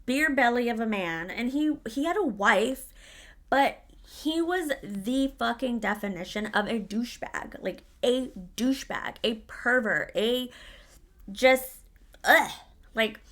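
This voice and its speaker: A woman's voice: on the high side, sharp tone. A woman telling a storytime to her vlog audience in a casual, blunt way, swearing freely.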